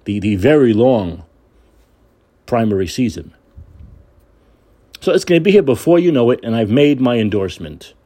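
A man's voice: medium pitch, sing-song, moderate pace, pauses often, mellow, husky. A man hosting a podcast, giving an angry, sarcastic and profane political rant. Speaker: podcast host.

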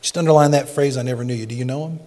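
A man's voice: mid-range voice, steady tone, rapid-fire, warm tone, long reverb tail. A male pastor preaching a sermon and reading scripture aloud with rising, emphatic delivery.

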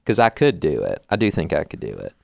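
A man in his forties co-hosting a church podcast, a jokey, animated storyteller who laughs often. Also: extremely low pitch, fast talker, vocal fry, no room sound. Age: 40s. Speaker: podcast co-host. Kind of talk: casual church podcast chat.

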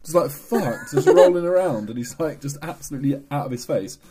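A man's voice: mid-range voice, expressive, a little fast, mellow, slight background noise. A man from England, a podcast co-host, telling stories in casual chat, swearing and laughing often.

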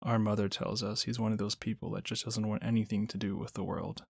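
A man's voice: fairly low pitch, flat delivery, a little fast, gravelly, darkish tone, husky, dry recording, studio quality. A man voicing Daisy, a bold young fawn. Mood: knowing. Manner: eager, a little boastful. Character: young female fawn, quick and outspoken.

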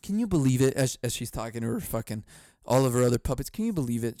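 A man hosting a comedy podcast, ranting in a profane, sarcastic, animated way. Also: mid-range voice, fast talker, no room sound, studio quality. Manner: profane, sarcastic, animated, laughs at own jokes. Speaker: podcast host. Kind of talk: comedic rant.

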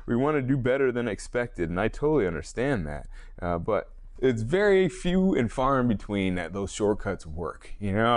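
A man with a fairly low voice talks through his solo podcast in a loose, rambling way. He restarts sentences, corrects himself and chuckles as he goes. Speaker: podcast host, fitness trainer. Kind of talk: casual solo podcast monologue.

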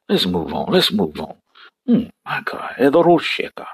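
A man's voice: mid-range voice, huge pitch swings, normal speed, breathy edge, no room sound. A male preacher delivering a fervent sermon, repeating phrases and breaking into exclamations.

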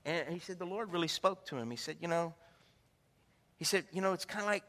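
A preacher telling stories in a sermon, calling out to the congregation and acting out the people in them. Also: male voice, high-pitched, a little fast. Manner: animated, calls out to the congregation, acts out the people in his stories. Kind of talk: sermon with storytelling. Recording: echoey hall with long reverb.

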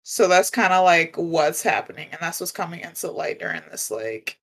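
A woman co-hosting a casual spiritual chat, talking in a gentle, reflective way and laughing often. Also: lowish voice, animated, moderate pace. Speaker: podcast co-host.

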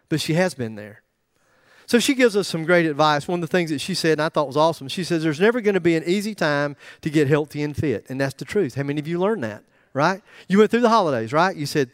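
High-voiced joking male pastor. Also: animated, quick pace, dry recording, clean studio sound. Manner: jokey, conversational preaching with asides to the congregation. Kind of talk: sermon.

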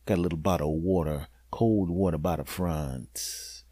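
Animated man telling a comic story. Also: low voice, moderate pace, husky, no echo, clean studio sound. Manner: animated, swings from loud to hushed, deadpan punchlines. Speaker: podcast host.

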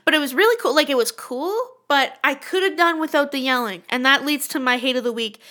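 A young woman in casual podcast chat with a high, bright voice. She tells her stories animatedly and swears freely. Her reactions to everything are big and exaggerated. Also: brisk. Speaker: podcast co-host.

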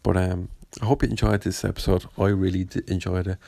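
Gravelly man hosting a podcast. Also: low-pitched, level tone, quick pace, dark tone, no room sound. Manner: chatty, rambling, self-deprecating. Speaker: podcast host. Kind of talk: casual chat.

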